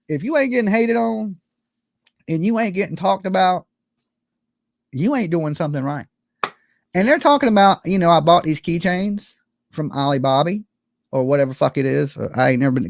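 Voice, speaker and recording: A man's voice: a little high, animated, fairly quick, gravelly, no echo, clean studio sound. A man hosting a late-night livestream, ranting to his viewers in a heated, profane and emphatic way. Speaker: YouTube livestream host.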